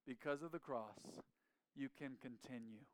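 A man's voice: mid-range voice, a little slow, no echo. A male pastor preaching a sermon, leading the congregation in call-and-response with emphatic, rising appeals. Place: church sanctuary.

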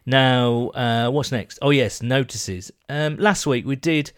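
A man's voice: mid-range voice, slow, smooth. A man co-hosting a podcast, chatting and joking in casual banter. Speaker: podcast co-host.

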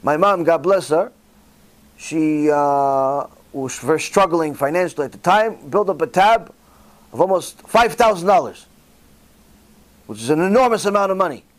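A man, a religious teacher telling a story in an animated way and acting out the dialogue, with frequent "uh" fillers. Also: a little high, moderate pace. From Israel. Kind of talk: storytelling Torah talk.

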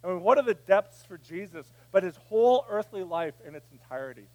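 A man preaching a sermon, dropping to a hush and then rising to a shout. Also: high voice, lively intonation, brisk. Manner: preaching, swinging from hushed to shouting. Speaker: pastor.

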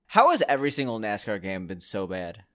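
A man co-hosting a podcast, joking and quick to laugh in casual banter over a call. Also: fairly low pitch, huge pitch swings, a bit bright. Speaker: podcast co-host. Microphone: remote call.

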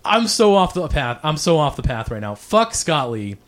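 A man's voice: on the high side, very animated, normal speed, a little hiss or hum. A man telling a rambling, profanity-heavy story in casual podcast chat, apologizing for ranting.

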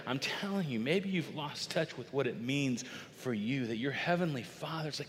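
Animated man preaching in an echoing hall. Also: mid-range voice, moderate pace, few pauses. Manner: animated, conversational preaching that acts out little dialogues. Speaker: pastor. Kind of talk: sermon. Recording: long reverb of a large hall.

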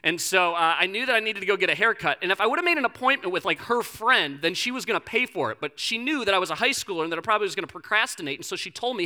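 A young male pastor preaching with a high, bright, forceful voice. He tells stories with lots of humor and swings into playful quoted voices for the people in them. Casual and energetic in front of his congregation. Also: quick pace, hardly any pauses. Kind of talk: sermon.

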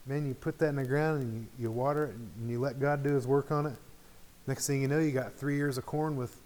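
A man's voice: mid-range voice, steady tone, a little fast, a little mellow. A middle-aged man teaching an informal Bible study in a conversational way, often checking in with the group.

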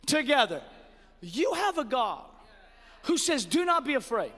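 Pastor, male, very high voice, animated sermon delivery from hushed to shouting, long hall reverb. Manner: repeats words in quick restarts.

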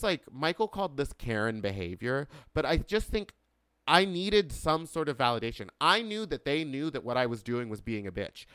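A man, a drag queen guest-hosting a podcast, telling a story in a casual, animated rant that jumps from loud outbursts to quiet asides. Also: mid-range voice, clean tone, dry recording.

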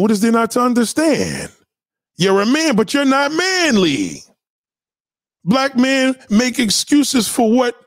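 Profane, animated man ranting on a stream. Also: on the high side, no room sound, studio quality. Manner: repeats points for emphasis. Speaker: livestream host reacting to chat. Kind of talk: unscripted livestream commentary.

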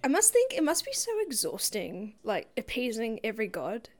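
A woman's voice: on the high side, wildly swooping pitch, moderate pace. A woman in a casual book discussion, rambling through a plot retelling with lots of "like".

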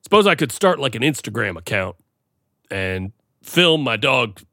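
A man's voice: mid-range voice, sing-song, moderate pace, pushed and bright, no echo, studio quality. A man co-hosting a comedy podcast, talking in a rambling, playful, self-deprecating way. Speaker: podcast co-host. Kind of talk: casual comedic chat.

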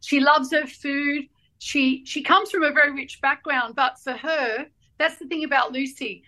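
Guest author: a high-pitched Australian woman, animated and chatty, acting out the people in her stories. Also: a little slow, low-quality recording. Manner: animated storyteller, acts out voices in anecdotes. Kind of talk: casual chat.

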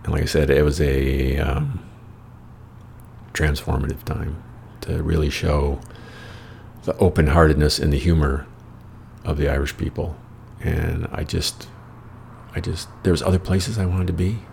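An American man with an extremely gravelly, rough voice, pitched very low, spinning loose and rambling stories. He talks casually and wryly, swearing freely as he goes, with a faint hum of background noise. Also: little pitch movement, measured pace, a little mellow. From United States. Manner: rambling, profane, wry. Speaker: storyteller host. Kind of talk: casual anecdotal storytelling.

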